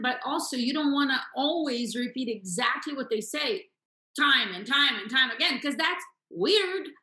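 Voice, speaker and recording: A woman's voice: on the high side, fairly bright tone. Woman coaching sales calls, roomy sound. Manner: emphatic, repetitive teaching with rhetorical checks. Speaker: sales trainer. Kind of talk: coaching lesson. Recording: roomy echo.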